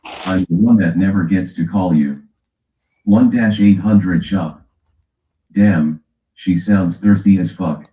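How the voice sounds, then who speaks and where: Man, new york accent, very deep voice, profane, bickering banter, echoey muffled stream audio. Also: takes it slowly, long pauses, warm tone. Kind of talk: casual argumentative stream chat.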